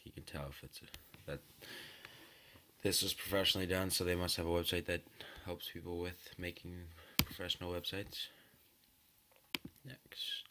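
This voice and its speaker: A man reviewing a website aloud, reading its questions and thinking out loud in a casual, hesitant way with many ums and likes. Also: deep voice, slight background noise. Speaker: website tester.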